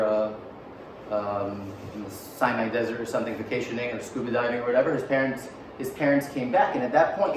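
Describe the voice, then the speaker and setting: A teacher tells a story in a casual, joking way, with lots of fillers and offhand asides. His voice is medium-pitched, and the recording has background noise, a roomy echo, a distant mic, and faint ambience.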